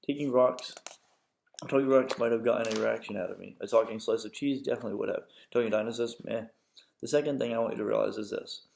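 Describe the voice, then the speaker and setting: A father reading a novel aloud to his children, steady with occasional slips and self-corrections. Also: on the low side, creaky.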